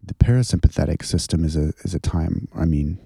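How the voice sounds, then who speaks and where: A man leading a slow, gentle guided contemplative prayer and breathing exercise. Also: low-pitched, creaky, breathy edge, dry recording, clean studio sound. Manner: slow, gentle, soothing guidance.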